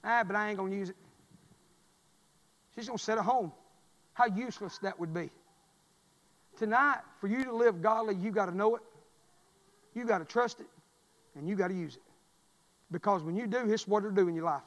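A high-pitched man preaches in a church, his voice trailing off in a long hall reverb. He tells folksy stories and swings from quiet asides up to loud shouted refrains. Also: brisk, pauses often. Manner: folksy, storytelling, rising to shouts. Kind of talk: sermon. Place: church sanctuary.

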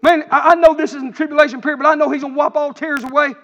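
A middle-aged man, preaching with fervor and swinging between shouts and quiet, earnest talk. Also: level tone, rapid-fire, big-room sound, muffled recording. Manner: impassioned, rising to shouts then dropping low. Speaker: pastor. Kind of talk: preaching sermon.

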